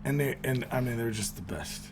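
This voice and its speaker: A man's voice: mid-range voice, fairly quick, background noise. A man co-hosting a casual podcast, telling jokes in a rambling way with lots of fillers. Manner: rambling joke-teller, trails off with fillers. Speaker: co-host.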